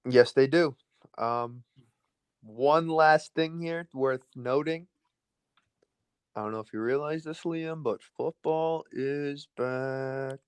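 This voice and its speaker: A man co-hosting a casual sports podcast, firing off his betting picks in a rapid, breathless rush. His voice sits at an ordinary middle pitch. He is recorded close and dry, with no room sound. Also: smooth, dry recording. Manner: rapid-fire, rattles through picks.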